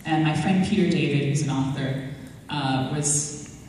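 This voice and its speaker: A woman at a convention panel, telling lively anecdotes and acting out the voices of the people in them. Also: low-pitched, unhurried, a little hiss or hum. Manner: animated storyteller, acting out quoted voices. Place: large convention hall. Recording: echoey hall recorded from far off.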